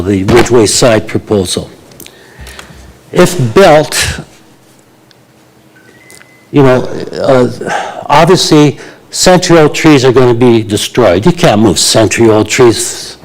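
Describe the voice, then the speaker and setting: An elderly man in his eighties addresses a council meeting as a resident giving a public delegation, speaking with blunt indignation. His voice is middling in pitch, he hesitates and uses fillers often, and the recording is rough.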